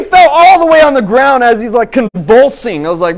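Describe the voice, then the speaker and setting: Speaking fairly quickly in a very high voice, a young preacher tells a personal story in a conversational sermon. He stays animated throughout, laughing at himself and starting over many times.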